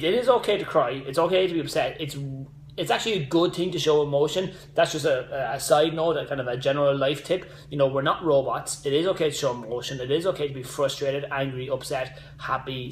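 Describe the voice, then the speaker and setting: A man's voice: medium pitch, brisk, slight background noise. A man in his thirties, a fitness coach hosting a casual live stream, rambling with side notes and motivational asides. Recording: echoey room.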